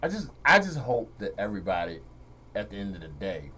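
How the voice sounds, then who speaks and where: A man's voice: lowish voice, very animated, fairly quick, pushed and bright, slightly rough. A man hosting a radio talk show, chatting in a laid-back, rambling way with frequent restarts. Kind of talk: casual chat.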